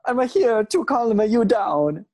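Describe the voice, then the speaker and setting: A woman's voice: on the high side, animated, slow, mellow, no echo, pitched above the performer's own voice. A woman voicing a nervous impostor man faking being Italian, stammering through his excuses in an improv sketch. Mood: flustered. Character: fake Italian man pretending to be Italian, flustered.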